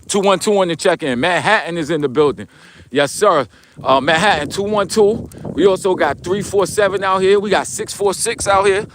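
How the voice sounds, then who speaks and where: A man with a New York accent hosts a casual livestream while walking down a snowy street, reading out viewers' comments in slangy, loose speech. He has a fairly high pitch and a fairly bright tone.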